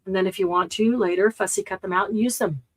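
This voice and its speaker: Woman running a live craft sale, chatty and easygoing, counting stuff out loud. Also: mid-range voice, fairly even intonation, fast talker, poor audio. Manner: chatty, shows items and counts stock aloud. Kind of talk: casual live-stream sales chat.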